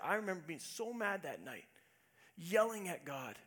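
A middle-aged man preaching a sermon built around a personal story, earnest, moving from hushed quiet passages to emphatic ones. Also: high voice, sing-song, normal speed. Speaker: pastor.

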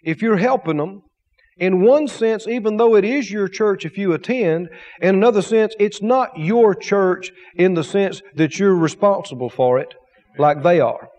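A man's voice: sits high, a little slow, darkish tone, big-room sound. A man preaching a sermon as pastor, emphatic, with repetition and rhetorical questions.

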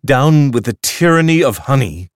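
A man reading aloud plays a fervent, speechmaking idealist who preaches liberation with oratorical fire. The voice sits very low and dry, pushed louder and a little higher for the character's grand declarations. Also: expressive, unhurried, vocal fry, no room sound, exaggerated voice.

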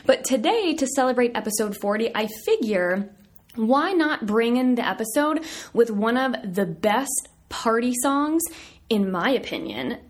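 A woman's voice: on the high side, big pitch swings, measured pace. A young woman from southern Virginia hosting her own podcast, talking in a bubbly, chatty, self-deprecating way. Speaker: podcast host. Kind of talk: casual solo podcast chat.

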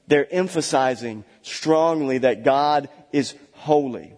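A man's voice: a little high, measured pace, in a large hall. A man preaching a sermon as a pastor, emphatic and repeating key words for stress, with chatty asides. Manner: chatty asides with small laughs.

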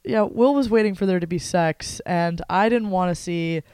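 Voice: mid-range voice, normal speed, darkish tone, clean tone, dry recording. A podcast co-host in casual chat, sarcastic and given to mock-dramatic speeches.

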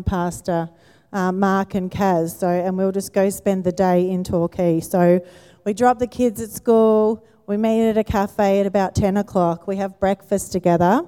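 A woman's voice: medium pitch, dark tone, clear, resonant tone. A woman pastor, giving a conversational sermon and asking the congregation questions. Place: church auditorium. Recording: church hall with long reverb.

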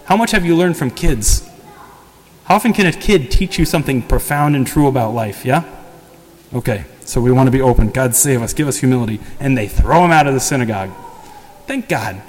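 Man, priest, casual sermon, lively storytelling, long church reverb. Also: a little fast, a little hiss or hum. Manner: lively storytelling, acts out quotes with higher pitch and laughs.

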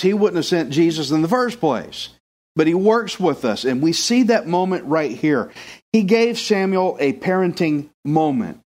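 A man preaching a sermon in an animated way, acting out the voices of the people he quotes. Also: sits high.

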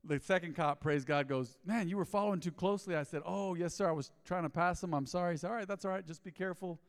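Storytelling pastor in a reverberant hall. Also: male voice, high-pitched, quick pace. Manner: storytelling, animated, acts out dialogue. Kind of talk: sermon.

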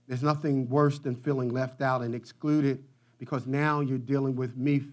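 A man preaching a sermon, dropping to quiet low passages and rising to shouted peaks, repeating phrases in rhythmic runs.

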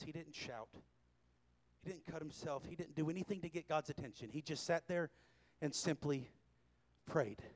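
Here a high-voiced male pastor delivers a sermon built around a scripture story. His telling is lively, punctuated by chuckles and moments where he gets louder to stress a point.

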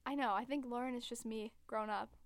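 Giggly high-voiced teen girl. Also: fairly even intonation, a little fast, dry recording. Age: teens. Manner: rambling, giggly, lots of "like". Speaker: podcast co-host. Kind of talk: casual chat.

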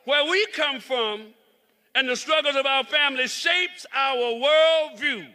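Man, Southern drawl, reverend and legislator, rally speech, very bright voice, unhurried. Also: very high-pitched, a little hiss or hum. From South Carolina. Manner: preacherly, repeating himself, shouting. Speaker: reverend and state representative. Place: outdoor rally in the cold.

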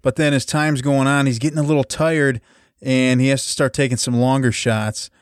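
A man's voice: mid-range voice, fairly even intonation, moderate pace, clear, resonant tone, dry recording. Man, podcast co-host, laid-back, slangy, plot recap, dry close sound. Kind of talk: casual movie recap chat.

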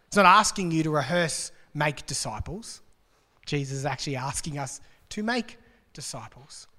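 Male preacher, higher pitched, loose conversational sermon with jokes, crisp forward tone. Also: lively intonation, normal speed, bright, forceful tone. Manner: conversational and joking, with rhetorical questions. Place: church hall. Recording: long reverb of a large hall.

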